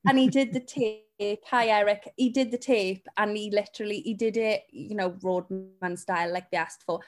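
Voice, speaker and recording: A woman who works as a talent agent co-hosts a relaxed podcast. She chats freely and laughs easily while she tells stories from her work. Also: mid-range voice, moderate pace, faint music behind. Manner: chatty, laughs often, tells anecdotes. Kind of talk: casual podcast chat.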